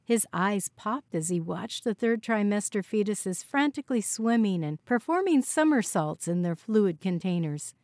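A woman reading a novel aloud in steady, scripted narration on a close mic. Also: mid-range voice, moderate pace, hardly any pauses, dry recording. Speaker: audiobook narrator.

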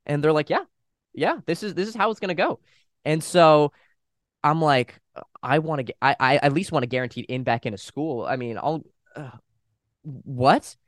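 A man's voice: on the high side, no echo. Young man telling a story, dry mic. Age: young adult. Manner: fast, animated retelling with quoted voices and swearing. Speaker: podcast guest. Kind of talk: casual storytelling.

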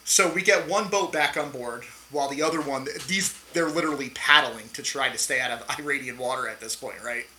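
A middle-aged man, a podcast guest and Navy veteran, telling a story in a casual interview, animated, swearing freely and tossing in "right?" often. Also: medium pitch, brisk, hardly any pauses, a little hiss or hum, low-quality recording.

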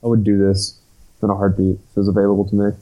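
A man's voice: lowish voice, completely flat delivery, very fast, muffled recording. A man co-hosting a podcast, chatting earnestly and casually. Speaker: podcast co-host.

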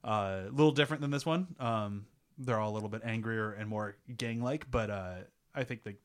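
A man hosting a casual movie podcast in a relaxed, laughing way. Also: lowish voice, a little fast, clean tone. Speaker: podcast host. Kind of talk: casual film review chat.

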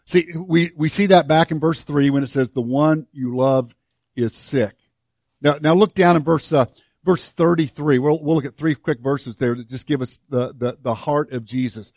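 A man preaching a sermon to his church, swinging from hushed, slow lines to loud, fervent ones. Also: fairly high pitch, dry recording, studio quality. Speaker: pastor.

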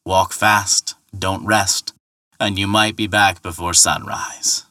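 A man's voice: deep voice, steady tone, slow pace, pushed and bright, no echo, studio quality, exaggerated voice. A man voicing a sly, mocking, one-eyed old ferryman who taunts. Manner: jeering, taunting.

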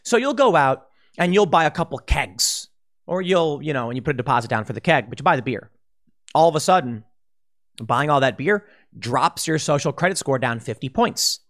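A man offering political commentary speaks emphatically, cautioning listeners and laying out speculative scenarios with occasional restarts. His slightly high, somewhat bright voice has lively intonation and a normal speed.

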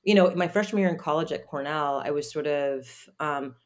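A woman guest telling a personal story in an interview, halting, with many fillers and restarts. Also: sits low.

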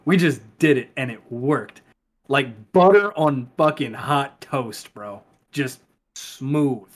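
A man's voice: medium pitch, slow. A young man in his twenties, a soldier chatting casually on a podcast, emotional and laughing, heavy on swearing. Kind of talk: casual chat.

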